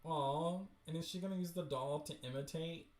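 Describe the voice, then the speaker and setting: A man hosting a livestream where he reads webcomics aloud, reacting in an excitable, chatty way. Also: a little high, moderate pace. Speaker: host. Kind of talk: livestream dramatic reading of webcomics. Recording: roomy echo.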